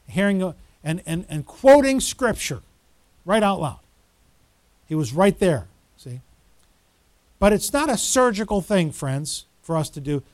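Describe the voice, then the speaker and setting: Fervent high-voiced male pastor preaching. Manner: fervent preaching, swings from low urging to loud exhortation. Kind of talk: sermon.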